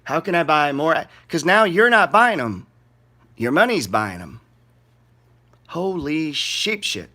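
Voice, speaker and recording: A man's voice: a little high, sing-song, a little slow, pauses often, bright, forceful tone. A middle-aged man giving casual, rambling market commentary in a blunt, profane and sarcastic way.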